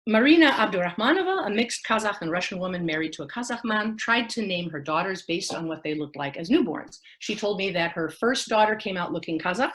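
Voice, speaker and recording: A woman's voice: on the low side, a bit bright. A woman giving an academic lecture online, reading from a prepared text with the odd filler. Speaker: academic speaker. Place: online talk.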